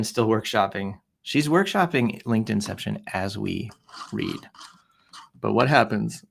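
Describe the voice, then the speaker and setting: A man's voice: lowish voice, vocal fry. Chatty man hosting a live stream. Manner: chatty, self-mocking, reads comments aloud with playful asides. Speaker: livestream host reading social media posts. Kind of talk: casual live-stream chat.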